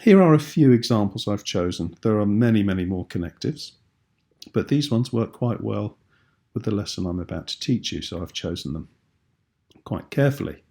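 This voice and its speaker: A British man teaches a video lesson with a low, gravelly voice. His tone is husky and a little rough. He explains each point patiently and clearly. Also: expressive, normal speed, warm tone.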